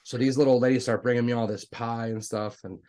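A man telling a personal story in a relaxed, conversational way. He is a self-styled joker with a mid-range voice. He gets animated and climbs higher whenever he quotes someone. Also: quick pace. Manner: animated, acts out dialogue with raised pitch; self-described jokester, talkative with many restarts. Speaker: guest telling his faith story. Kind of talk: casual storytelling.

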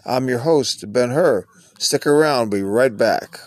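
A man's voice: medium pitch, takes it slowly, no room sound. A man hosting his own podcast, talking in a rambling, earnest, unscripted monologue. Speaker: podcast host. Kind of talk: casual monologue.

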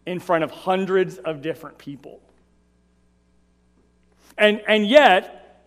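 Male pastor, high voice, casual conversational sermon, hall reverb. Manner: conversational preaching, tags lines with "right?".

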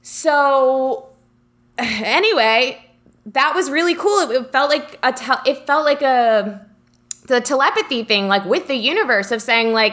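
A woman's voice: high-pitched, expressive, a little slow, a bit bright. A woman co-hosting a podcast, telling a story in casual chat, rambling with lots of "like" fillers. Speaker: podcast co-host.

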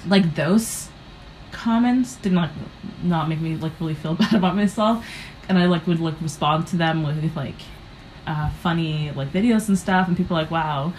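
A young woman from the United States speaks with a notably low voice over a faint hiss. She guests as a comedian, rambling through her stories with plenty of fillers. She acts out her own reactions as she goes. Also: normal speed, darkish tone, low-quality recording. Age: young adult. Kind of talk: casual interview storytelling.

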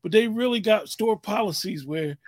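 A man's voice: sits high, expressive, a little fast, no room sound, clean studio sound. A man in casual chat who laughs along and tells a short story about his work.

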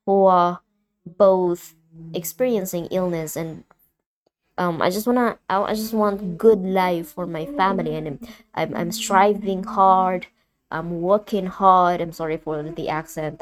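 A young Filipino woman whose accent mixes American and British hosts a personal solo podcast, speaking candidly and emotionally. She often halts and restarts, in a lowish voice with a steady tone.

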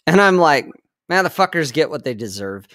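A man's voice: a little high, big pitch swings, normal speed, a bit bright, no room sound, studio quality. A man in his forties chatting casually, blunt and profane, hammering his points home. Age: 40s. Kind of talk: casual chat.

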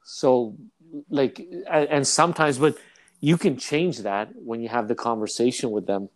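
A man in casual podcast chat, a salesperson telling jokey stories with an animated delivery. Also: a little slow. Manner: animated joking storyteller, swings pitch widely.

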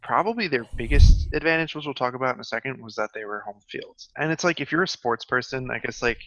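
A man's voice: mid-range voice, lively intonation, quick pace, fairly bright tone, highs cut off, slight background noise. A young man co-hosting a casual history podcast, chatty and full of fillers. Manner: chatty, many fillers, lots of "like". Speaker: podcast co-host.

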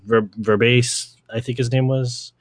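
A young man chats casually as a podcast host, rambling from point to point with lots of slang, swearing and "like". His voice is mid-pitched and sounds dry, close to the mic. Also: little pitch movement, normal speed, no echo.

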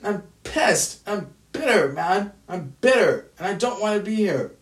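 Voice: mid-range voice, expressive, unhurried. An upset, exhausted adult venting at home in a bitter, profane, repetitive solo rant. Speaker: aspiring screenwriter venting. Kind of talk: emotional solo rant to camera. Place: at home indoors. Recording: roomy echo, distant from mic.

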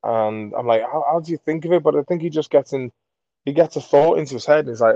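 A man's voice: a little high, quick pace, creaky, mellow, no room sound, highs cut off. A man in his forties from Merseyside, a comedian chatting as a podcast guest, crude and self-mocking, with lots of restarts. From Merseyside, England. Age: 40s. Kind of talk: casual chat.

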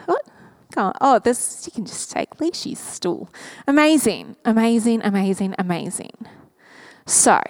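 A woman pastor speaking to her congregation in an earnest, open-hearted way, first in prayer and then in a sermon. Her voice sits a little higher than most women's, and the sound is dry and close with almost no room echo. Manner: earnest and candid, talking openly from the heart. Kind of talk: church service prayer and sermon.

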